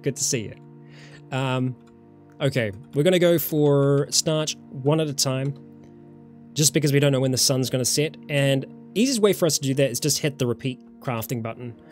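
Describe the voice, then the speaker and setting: A man's voice: medium pitch, moderate pace, faint music behind. A man from New Zealand with a New Zealand accent, casually commenting on a survival game during a live stream and chatting with viewers.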